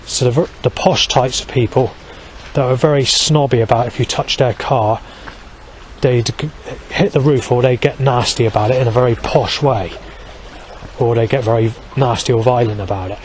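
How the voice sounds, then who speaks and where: A man's voice: mid-range voice, normal speed, a little hiss or hum. A man talking in a long, rambling vlog monologue, swearing heavily and restarting sentences, with many fillers.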